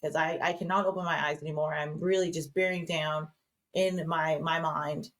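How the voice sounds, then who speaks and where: Chatty woman guest, lowish voice. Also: steady tone, moderate pace. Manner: chatty storytelling, many fillers and restarts. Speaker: podcast guest. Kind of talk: casual podcast conversation.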